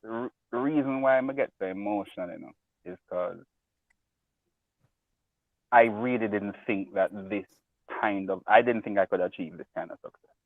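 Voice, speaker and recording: A man speaks over a tinny phone line, emotional and fighting back tears. His voice sits fairly low, and he rambles excitedly as he talks. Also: normal speed, long pauses, dry recording. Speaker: caller. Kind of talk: phone-in chat.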